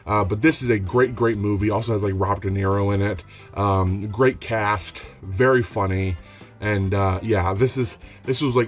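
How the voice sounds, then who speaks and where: A young man talking casually in a home vlog, rambling and self-mocking, getting excitable as he shows off his finds. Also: fairly low pitch. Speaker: DVD collector vlogger. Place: home room.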